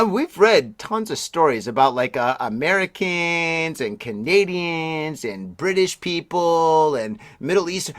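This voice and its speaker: An excitable middle-aged man chats his way through the week's news as a podcast host, his voice a touch husky from a recent throat illness. He speaks a little higher than most men, exclaiming and laughing as he goes. The recording is dry and close, with no room sound. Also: no room sound. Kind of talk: casual news chat. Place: Tokyo.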